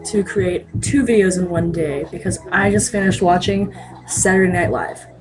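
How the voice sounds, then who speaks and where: A woman's voice: fairly low pitch, fairly even intonation, moderate pace, music in the background, rough recording. A woman ranting casually to camera in a late-night vlog, rambling and hesitant with frequent filler words. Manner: rambling, hesitant, many ums and restarts.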